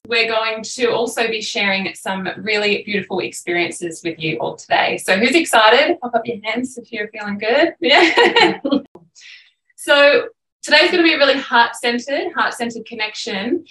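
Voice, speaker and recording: A woman hosting a live online workshop, gushing and encouraging in a soft voice. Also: on the high side, lively intonation, measured pace. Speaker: host. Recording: echoey room, distant from mic.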